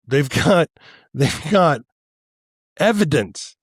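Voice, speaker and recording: A man's voice: mid-range voice, lively intonation, dry recording, studio quality. Angry, profane male podcast host. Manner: angry, profane, halting with repeated restarts. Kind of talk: solo political rant.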